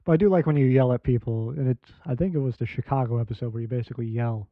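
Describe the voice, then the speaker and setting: A man's voice: mid-range voice, quick pace, no echo. Man hosting over a tinny line. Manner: loose, filler-heavy talk. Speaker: podcast host. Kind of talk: casual podcast chat. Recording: tinny phone-like line, dry.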